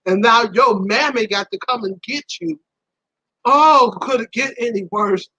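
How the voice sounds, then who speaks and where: On her live stream, a woman recounts something that happened to her, chatty and animated; she laughs, and her pitch jumps high at the awkward moments. It's a dry, rough recording.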